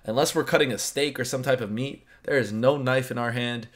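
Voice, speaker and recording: A man's voice: medium pitch, fairly even intonation, fairly quick. An American man hosting a reaction video, making blunt, joking asides. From United States. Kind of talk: casual reaction commentary.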